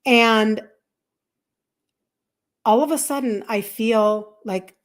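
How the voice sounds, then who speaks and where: A woman's voice: on the high side, drawn-out words. Chatty woman in her fifties telling a story. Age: 50s. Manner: chatty, animated, acts out quoted dialogue. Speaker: health coach hosting a live stream. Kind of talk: casual live-stream storytelling.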